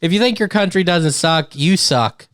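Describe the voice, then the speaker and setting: A man's voice: high voice, moderate pace, fairly bright tone, no room sound, studio quality. A man co-hosting a podcast in casual chat, blunt and opinionated, ranting in sudden bursts. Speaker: podcast co-host.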